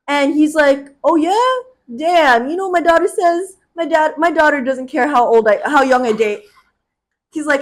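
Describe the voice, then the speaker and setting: Animated young woman telling a story. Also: sits high, normal speed. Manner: animated, acts out quotes, laughs often. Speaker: podcast co-host. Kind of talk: casual chat, storytelling.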